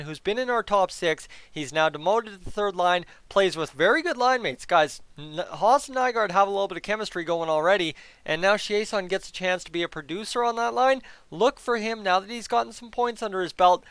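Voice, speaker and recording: A man giving a casual, energetic hockey game preview to his viewers, chatty and direct. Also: high-pitched, clean tone, no echo. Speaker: hockey YouTuber.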